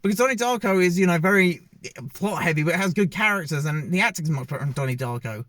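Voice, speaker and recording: A man's voice: high-pitched, lively intonation, fast talker, a bit bright, no room sound. Rambling man reviewing a film, dry sound. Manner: rambling, hesitant, many fillers and restarts. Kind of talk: casual spoken movie review.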